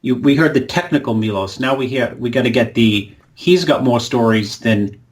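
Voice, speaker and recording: A man's voice: mid-range voice, normal speed. A man co-hosting a radio talk show, pressing his points and repeating himself in casual chat. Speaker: radio co-host.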